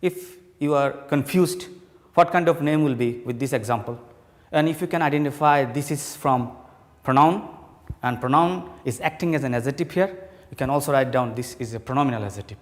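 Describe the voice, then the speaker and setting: A male teacher giving a slow classroom lesson, explaining and repeating each point. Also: medium pitch, in a large hall.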